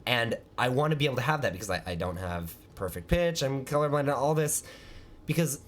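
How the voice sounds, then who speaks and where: A man's voice: medium pitch, animated, a little fast, a bit bright. Man telling a self-mocking story. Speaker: podcast host. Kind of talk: casual chat.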